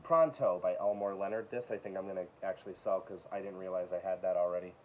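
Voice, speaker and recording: Low-pitched male vlogger, casual show-and-tell of books, offhand asides, dull home recording. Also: steady tone, slight background noise. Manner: reads titles aloud with quick asides, chuckles. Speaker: book collector vlogger.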